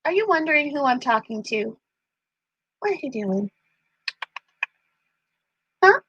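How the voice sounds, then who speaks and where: A woman hosting a casual live stream from home, chatting with viewers and cooing at her pet parrot in a high voice. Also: big pitch swings, a little slow, fairly bright tone, dull audio, slight background noise. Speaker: channel host. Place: home room.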